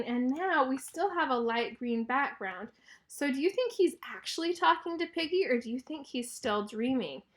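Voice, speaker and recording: A woman teacher reading a picture book aloud to children, explaining clearly and encouragingly and asking questions. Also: sits high.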